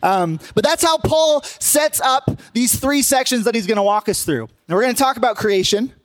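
A man's voice: very high-pitched, lively intonation, normal speed, fairly bright tone, dry recording. A young man, a pastor, giving a casual sermon that talks to the congregation and jokes with it. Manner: casual, joking, speaks to the congregation.

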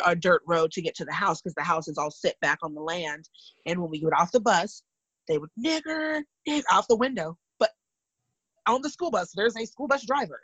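The recording is rough with no room sound, capturing a fairly low-pitched woman's voice. She's a Californian in her thirties, casually and candidly retelling personal stories in an animated way, full of vivid asides.

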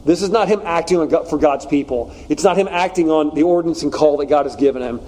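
A man's voice: a little high, fast, poor audio. A man preaching in a casual, joking way, acting out the story's lines as he teaches. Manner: animated, joking, acts out quotes. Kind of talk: conversational sermon.

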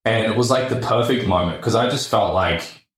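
Animated Australian man, low voice. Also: moderate pace, roomy sound. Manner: animated, swears freely, acts out quotes. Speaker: podcast guest, entrepreneur. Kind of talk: casual storytelling.

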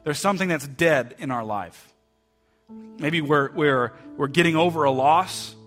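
A man's voice: on the high side, a little slow, soft background music. Man preaching a heartfelt sermon. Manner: heartfelt, repeats words, soft quotes. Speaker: pastor. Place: church sanctuary.

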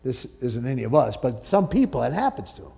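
A man preaching a sermon as pastor, swinging from loud emphatic peaks to soft asides. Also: medium pitch, very animated, a little fast, gravelly, husky. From northern United States.

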